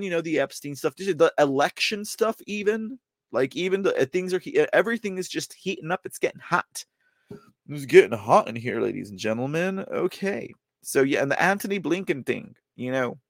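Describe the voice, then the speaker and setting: Gravelly-voiced man rambling. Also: a little high, dry recording. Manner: rambling, repeats phrases, many fillers; reads news excerpts aloud. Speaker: podcast host. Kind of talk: casual political commentary.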